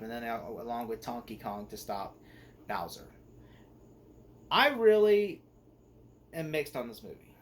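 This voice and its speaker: A young man talks through a movie review in a loose, rambling way, restarting his sentences and leaning on fillers as he goes. His voice sits at an ordinary middle pitch, and a faint hiss of noise runs under it. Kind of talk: casual spoken movie review.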